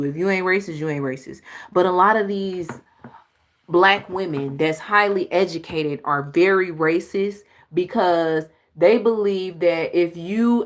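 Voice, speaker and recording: A woman's voice: fairly low pitch, fairly bright tone. A woman hosting a reaction video, giving blunt, emphatic commentary on clips with sighs and exclamations.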